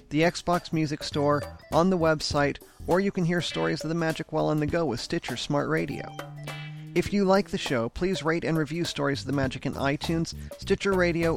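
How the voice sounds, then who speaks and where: A man's voice: on the high side, gravelly. A man hosting a podcast, reading an upbeat scripted outro with plugs and contact details. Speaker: podcast host.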